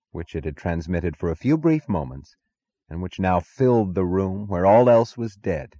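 A man narrating an audiobook in a deliberate, expressive literary reading. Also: deep voice. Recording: dull, dry lo-fi audiobook recording.

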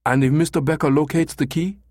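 A man voicing an impatient, imperious businessman who makes sharp, hissing demands in an audiobook. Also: on the high side, fairly even intonation, brisk, no room sound, clean studio sound, voice pushed up, natural voice. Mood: demanding. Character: middle-aged Japanese businessman, impatient, imperious.

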